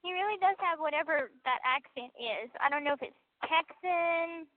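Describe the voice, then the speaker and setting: A woman's voice: very high voice, normal speed. A young woman chatting casually on a prison phone call, laughing often and using lots of fillers. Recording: tinny prison phone line.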